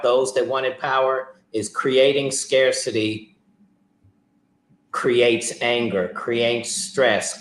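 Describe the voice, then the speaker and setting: Reflective man in an echoey room. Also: medium pitch. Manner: reflective, builds an argument step by step. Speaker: podcast guest. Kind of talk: casual discussion.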